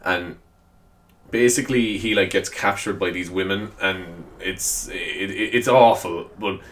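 A man's voice: deep voice, a little slow, a bit bright. A man hosting a solo podcast, chatting casually in a rambling, self-deprecating way and laughing often. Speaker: podcast host.

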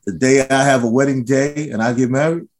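A man co-hosting a podcast in casual chat, talking emphatically and swinging from low murmurs to loud, excited bursts. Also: a little fast. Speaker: podcast co-host.

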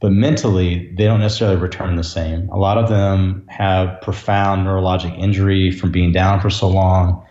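A man's voice: deep voice, level tone, normal speed, few pauses, dark tone. A man, an ER doctor telling a story as a podcast guest, earnest and reflective. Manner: earnest, reflective, emotional at times. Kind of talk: conversational storytelling. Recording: roomy, dull lo-fi sound.

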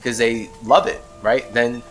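A man's voice: mid-range voice, little pitch movement, a little slow, soft background music. A man hosting a podcast, talking in a rambling, emphatic way and laughing often as he muses on spirituality. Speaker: podcast host. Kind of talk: casual spiritual monologue.

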